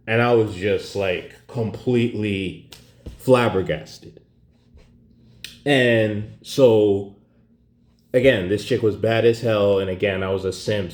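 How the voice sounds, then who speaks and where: A man's voice: fairly low pitch, a little mellow. A man telling a story as a profane, sarcastic rant, in an echoey room.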